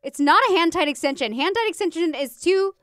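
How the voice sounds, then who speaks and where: A woman's voice: very high-pitched, animated, brisk, a bit bright, no echo, studio quality. A young adult woman hosting a casual podcast, a hairstylist who talks candidly, swears freely and pokes fun at herself.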